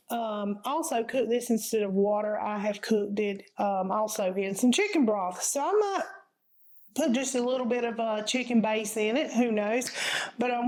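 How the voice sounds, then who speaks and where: A woman's voice: fairly high pitch, a little mellow, poor audio. A woman, casually talking viewers through a home cooking recipe in a folksy, chatty way from her kitchen.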